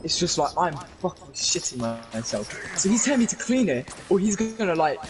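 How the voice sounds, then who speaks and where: A young man, excitedly telling a story to friends in a casual, swearing, rambling way. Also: high-pitched, brisk, background noise. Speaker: gaming channel host. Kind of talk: animated storytelling chat.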